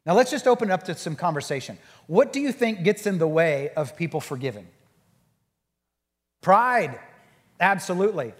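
A man preaching a sermon and leading a group discussion, acting out quoted voices in an animated way. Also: high-pitched, a little slow, in a large hall. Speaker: pastor.

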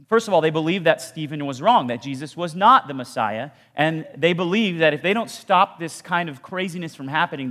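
A man giving a sermon, telling a story in a conversational way with casual asides and dropping low for emphasis. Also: a bit bright. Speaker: pastor. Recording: long hall reverb.

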